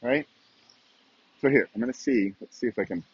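A man's voice: mid-range voice, normal speed, slightly rough, no echo, lo-fi sound. A middle-aged man hosting his own podcast in a casual solo monologue, chatty and often asking the listener questions. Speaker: podcast host.

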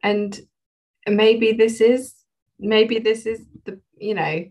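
A woman's voice: fairly high pitch, fairly even intonation, slow, darkish tone, poor audio. A woman talking as a guest on a podcast, chatty, laughing often and trailing off mid-sentence. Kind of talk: casual podcast chat.

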